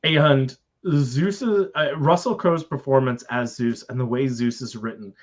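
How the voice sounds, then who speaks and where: A man's voice: medium pitch, unhurried. A man co-hosting a live stream movie discussion, talking enthusiastically and rambling with many fillers. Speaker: podcast co-host.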